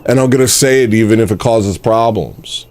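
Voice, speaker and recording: A man's voice: on the low side, moderate pace, darkish tone, no room sound. A man hosting a livestream, talking bluntly and rambling in a self-mocking way. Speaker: livestream host. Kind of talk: casual livestream rant.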